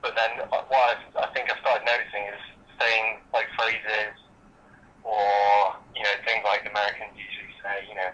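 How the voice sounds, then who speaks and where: Bright-voiced British man, hesitant chat. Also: fairly low pitch, flat delivery, normal speed, husky, dull audio. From Britain. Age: late 20s. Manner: hesitant, many fillers and restarts. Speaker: interviewee. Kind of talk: casual interview chat.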